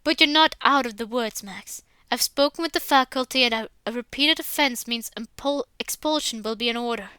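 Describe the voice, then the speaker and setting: A woman voicing a stern male headmaster, formal and bright. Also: a little high, normal speed, few pauses, clear, resonant tone, no echo. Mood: lecturing. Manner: formal, lecturing. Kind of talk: visual novel read-aloud.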